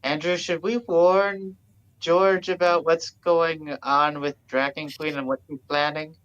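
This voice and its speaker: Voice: mid-range voice, steady tone, a little slow, a bit bright, clear, resonant tone. A tabletop game player making dry, matter-of-fact remarks on a muffled, lo-fi microphone. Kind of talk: casual tabletop play. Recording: muffled lo-fi mic.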